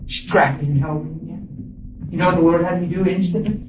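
A man preaching a testimony sermon, animated and laughing, switching between soft, quiet passages and loud exclamations. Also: fairly high pitch, fast talker. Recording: roomy, distant, muffled with noise.

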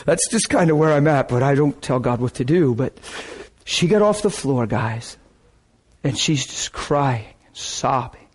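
A man preaching a sermon, telling a testimony story with excitement, laughing often and repeating phrases. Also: mid-range voice, measured pace, breathy edge.

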